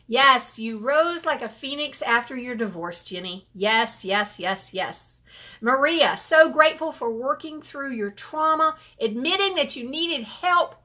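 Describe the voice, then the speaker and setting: A woman's voice: high-pitched, sharp tone. A middle-aged woman leading a group gratitude session, upbeat and encouraging, repeating affirmations and answering comments. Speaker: group gratitude workshop leader. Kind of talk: live online group session, reading chat comments.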